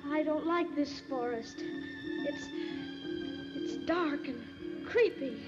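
A woman's voice: high voice, wildly swooping pitch, slow pace, full character voice. An actress playing a frightened young girl, speaking timidly, on a dull old film soundtrack with music. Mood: fearful.

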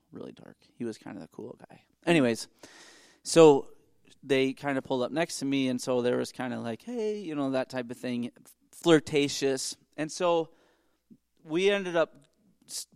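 A man's voice: medium pitch, gravelly, clean tone, dry recording, clean studio sound. A middle-aged man, co-hosting a podcast and telling a long story in casual chat, with many restarts and asides. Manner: rambling, self-interrupting storyteller. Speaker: podcast co-host.

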